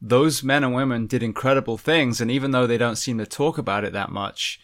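A man hosting a podcast, talking in a relaxed, rambling way. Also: mid-range voice, brisk. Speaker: podcast host. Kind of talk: casual chat.

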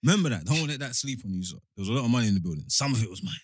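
A man's voice: mid-range voice, very animated, very fast, slightly rough, no room sound, studio quality. A man co-hosting a casual chat show, talking emphatically and often repeating himself. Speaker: podcast co-host.

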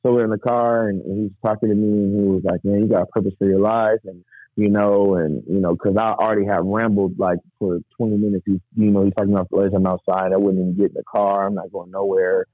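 A man's voice: on the low side, level tone, quick pace, no echo. A man, the guest, telling an emotional personal story in a rambling, vivid way, acting out the voices of people he quotes. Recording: tinny phone-like dry sound.

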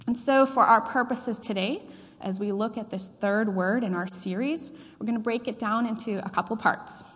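Woman preaching in a reverberant hall. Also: a little high. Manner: storytelling with many fillers. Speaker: pastor. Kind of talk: sermon.

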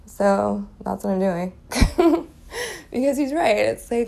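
A woman's voice: mid-range voice, animated, slow pace, gravelly, dark tone. A woman in her forties hosting a solo podcast, talking candidly and with a lot of swearing, with a slight lisp from a chipped tooth and frequent laughs. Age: 40s. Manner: candid, profane, laughs often. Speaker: podcast host. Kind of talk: casual solo podcast chat.

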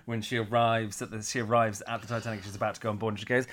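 A man co-hosting a casual chat podcast, giggly and quick to laugh as he gushes about a TV show. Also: fairly low pitch, flat delivery, fairly bright tone. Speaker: podcast co-host.

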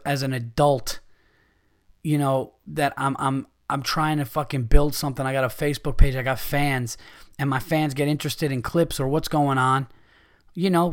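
A middle-aged man hosting a podcast, delivering a profane, angry rant with loud outbursts. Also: fairly high pitch. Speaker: podcast host, comedian.

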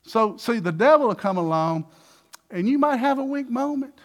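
A man preaching a sermon with lots of energy, acting out little dialogues and swinging between loud bursts and hushed passages. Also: very high voice, animated, normal speed. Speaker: pastor.

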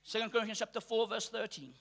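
A man from Mauritius preaching a sermon to a congregation, calling for responses and rising to shouts. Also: high-pitched, fast talker, gravelly, a little hiss or hum. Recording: long hall reverb.

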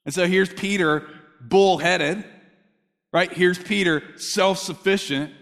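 A man's voice: high-pitched, slow pace, fairly bright tone. A man preaching a sermon, talking with the congregation in a conversational way and asking them questions. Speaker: pastor. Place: church hall. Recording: long hall reverb.

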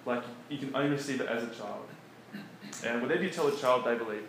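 A man preaching in a relaxed, conversational way, often chuckling between his points. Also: mid-range voice, fast. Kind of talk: conversational sermon. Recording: echoey room with faint background noise.

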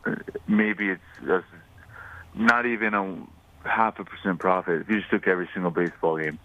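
A man's voice: sits low, fairly even intonation, moderate pace, fairly bright tone. A man co-hosting a sports betting radio show, casual and teasing, laughing easily. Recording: dry phone-line sound.

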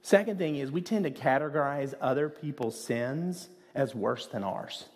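Earnest pastor preaching in a reverberant hall. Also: male voice, medium pitch, lively intonation, normal speed, darkish tone. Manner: conversational, earnest, with rhetorical asides. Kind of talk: sermon.

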